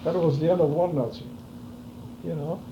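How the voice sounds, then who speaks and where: A man's voice: a little high, steady tone, moderate pace, lo-fi sound, noisy background. An older man in an oral history interview, telling his memories vividly and acting out the dialogue. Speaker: interviewee recounting wartime memories.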